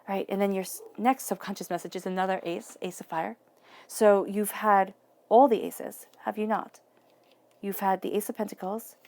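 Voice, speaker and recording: Encouraging woman reading tarot, creaky voice. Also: mid-range voice, darkish tone. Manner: earnest, encouraging, repeats phrases for emphasis. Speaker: tarot reader.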